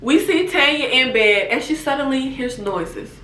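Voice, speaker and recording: Lively high-voiced woman recapping a show. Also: normal speed. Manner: animated, laughs often, talks to viewers as "baby" and "y'all". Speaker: TV recap vlogger. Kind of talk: casual TV show review and recap. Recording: echoey room.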